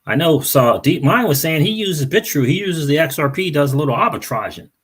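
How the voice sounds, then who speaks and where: A man's voice: a little high, lively intonation, fairly quick, slightly rough. A man hosting a crypto livestream, chatting casually, greeting viewers by name and repeating phrases. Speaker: crypto channel host.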